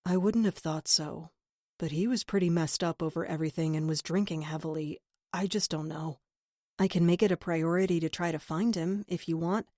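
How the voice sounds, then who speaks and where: Woman narrator doing a subdued male cop, low-pitched and worried, dry booth sound, audiobook read. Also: fairly even intonation, moderate pace, mellow, dry recording, lightly acted. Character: troubled male cop, worried about his brother.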